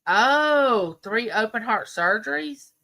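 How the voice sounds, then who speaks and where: A woman's voice: a little high, lively intonation, slow, creaky, bright, forceful tone. A middle-aged woman, chatting with viewers on a livestream and telling stories full of quoted dialogue. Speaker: livestream host. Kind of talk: casual chat with viewers.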